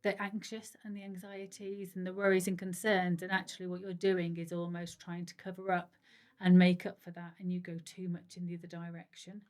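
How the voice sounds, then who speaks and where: A woman's voice: lowish voice, completely flat delivery, a little fast, a little mellow. A woman from Stoke-on-Trent, co-hosting a casual podcast in a chatty, explanatory way with a psychology-minded angle. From Stoke-on-Trent, England. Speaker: podcast co-host. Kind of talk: casual chat.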